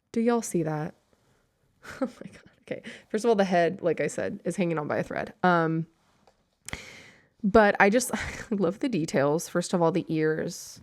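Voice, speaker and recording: A woman's voice: fairly low pitch, wildly swooping pitch, unhurried, pauses often. A young woman hosting a podcast, chatting casually and gushing over little keepsakes, with lots of "like" in her talk. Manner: bubbly, gushing, heavy use of "like". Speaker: podcast host. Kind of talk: casual chat.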